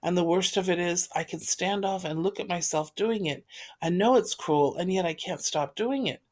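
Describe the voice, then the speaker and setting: A woman's voice: sits low, steady tone, normal speed, natural voice. A woman reading the part of an anxious, remorseful teenage girl who pleads and blames herself. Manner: pleading, self-reproaching.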